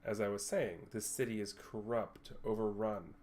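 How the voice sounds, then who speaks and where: Man doing a slick rich CEO for a tabletop game, polished and measured, lowish voice. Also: darkish tone, natural voice. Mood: composed. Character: smooth, self-assured rich male tech CEO.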